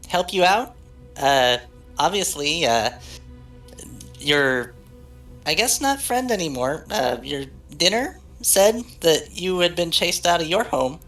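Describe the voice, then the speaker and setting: A woman chatting as a player in a tabletop game, hesitant and halting with lots of fillers. Her pitch moves up and down in a lively way. Faint music plays under her. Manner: hesitant, bargaining, many fillers. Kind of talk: casual tabletop game chat.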